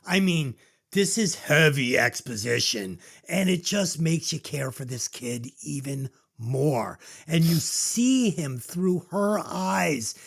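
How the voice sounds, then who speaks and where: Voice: mid-range voice, lively intonation, slow, creaky, breathy edge. A podcast co-host reviewing a movie in casual chat, emotional and choked up at times, swearing freely.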